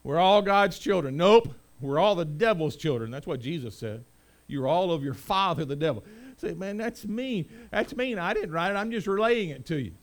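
A middle-aged man preaching a sermon as pastor, rising to loud proclamation and dropping to quiet conversational asides. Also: fairly high pitch, animated, moderate pace.

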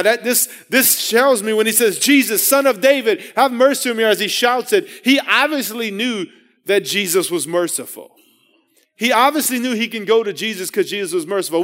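Male preacher with a high voice, delivering an earnest sermon that builds to emphatic, repeated lines. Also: fairly bright tone. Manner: earnest, repeats and restarts phrases.

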